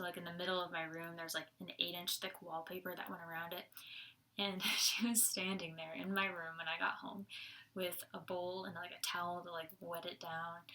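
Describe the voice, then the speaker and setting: A woman's voice: fairly low pitch, sharp tone. A young woman giving a casual Sunday devotional talk, chatty, laughing often and using many fillers. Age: young adult.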